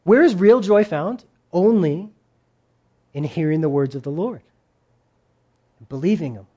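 A preacher giving a sermon in a lively way, with joking asides and quotes acted out in put-on voices. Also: medium pitch, unhurried, breathy edge, muffled recording.

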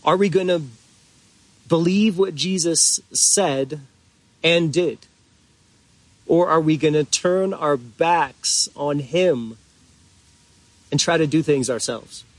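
Male pastor, sermon delivery, unhurried and earnest, a touch higher-pitched. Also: no room sound. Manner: slow, earnest preaching with drawn-out emphatic pauses.

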